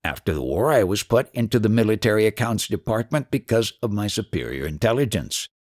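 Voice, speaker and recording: A man's voice: fairly low pitch, sing-song, brisk, darkish tone, dry recording, clean studio sound. A man voicing a proud, emotional former soldier turned yogi who speaks eagerly and boastfully. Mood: earnest.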